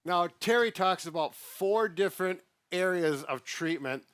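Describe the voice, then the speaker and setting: A man co-hosting a relaxed health chat, patiently breaking things down in everyday words with plenty of "uh"s. His voice sits a little on the high side, and the sound is close and dry with no room echo. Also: unhurried, clean tone. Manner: patient, plain-spoken explaining with frequent "uh" fillers. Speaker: physical therapist co-host. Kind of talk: casual explanatory chat.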